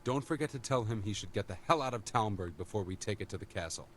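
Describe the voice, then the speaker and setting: A stern nobleman from a video game, with a lowish, commanding voice. He talks in curt orders and pushes for haste. Faint background noise sits under the voice. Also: animated, fast talker, fairly bright tone. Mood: urgent, commanding.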